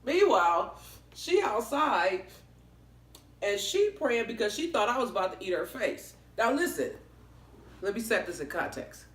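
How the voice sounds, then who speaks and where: A woman vlogger telling a story in a casual, animated way, expressive and swearing freely. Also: mid-range voice, a little slow. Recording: roomy echoey room.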